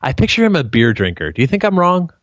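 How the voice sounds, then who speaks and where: A man in casual podcast chat, animated and jokey, with many restarts. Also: a little high, fast talker, dry recording. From New England. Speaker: paranormal investigator and author. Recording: slightly dull dry sound.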